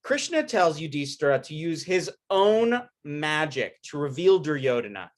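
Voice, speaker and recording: A man's voice: on the high side, big pitch swings, unhurried. A man giving a casual recorded lecture, retelling an epic in an informal, storytelling way with slang.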